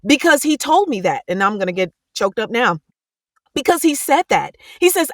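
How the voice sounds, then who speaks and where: A woman's voice: a little high, very animated, moderate pace, dry recording. Woman, audiobook narrator, podcast guest, passionate, careful diction, dry close mic. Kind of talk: candid podcast conversation.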